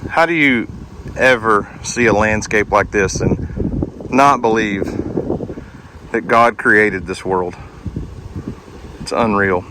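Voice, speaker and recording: A man's voice: on the low side, takes it slowly, long pauses, noisy background. A man vlogging outdoors as he climbs a wooded hill, out of breath and full of amazed exclamations. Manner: chatty, easily amazed, exclamations like holy moly. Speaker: homestead vlogger. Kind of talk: casual outdoor vlog, walking and talking.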